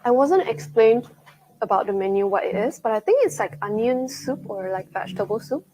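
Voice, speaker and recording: A young woman with a slightly high voice hosts a live travel stream from a restaurant table, chatty and easily excited as she tastes each dish. A faint ambient hiss sits under her voice. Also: fairly quick, rough recording. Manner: chatty and excitable, with frequent gasps and laughs. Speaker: travel show host. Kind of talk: live-streamed travel vlog, tasting food on camera. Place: indoors at a restaurant.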